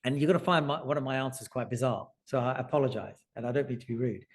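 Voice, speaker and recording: A man in his forties talks about his career in surgery and tells stories. He acts out the voices of the people in them and keeps the pace lively. His voice sits at an everyday middle pitch. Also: quick pace, hardly any pauses. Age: 40s. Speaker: surgeon and author. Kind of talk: conversational storytelling. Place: lecture hall.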